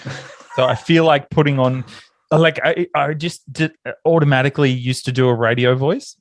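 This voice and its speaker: An Australian man co-hosting a podcast, chatting casually with a mate and telling stories in an animated way. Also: brisk, dry recording. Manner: animated storyteller, rises in pitch when excited. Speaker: podcast co-host. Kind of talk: casual chat between mates. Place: home office.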